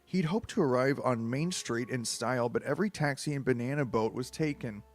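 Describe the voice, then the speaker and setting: A man with a head cold reads a book aloud, breaking off into crude, bewildered, self-mocking asides. His mid-range voice moves fairly quickly. It's a comedic reading full of rambling asides.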